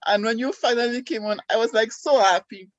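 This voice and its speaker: A woman from Saint Lucia with a Saint Lucian accent, calling in and telling her story in an excited, chatty way with lots of fillers. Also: on the high side, fairly quick, no room sound, lo-fi sound. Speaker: caller. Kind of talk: casual call-in chat.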